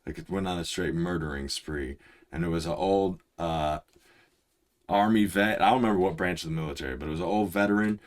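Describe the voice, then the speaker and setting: A young man hosting a music reaction, explaining things in an excited, rambling way full of restarts. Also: sits low, fairly quick. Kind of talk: casual reaction commentary.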